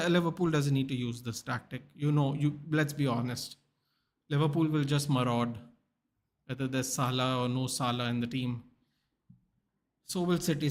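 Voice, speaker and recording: Male watchalong host, a bit high-pitched, casual and rambling, tired and yawning. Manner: casual, rambling, answers viewer questions. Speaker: sports channel host. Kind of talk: live match watchalong commentary and chat replies.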